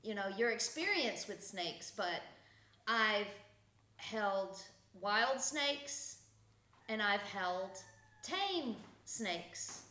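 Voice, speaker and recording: A woman's voice: medium pitch, big pitch swings, very slow, pushed and bright, reverberant. A woman hosting a casual spiritual podcast, blunt and profane, laughing often as she talks. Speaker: podcast host.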